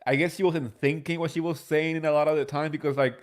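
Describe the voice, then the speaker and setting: A man's voice: on the high side, steady tone, quick pace. A man hosting a podcast in casual gossip chat, agreeing with his guest in short replies and adding his own takes. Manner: agreeable, short backchannels, some restarts. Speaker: podcast host.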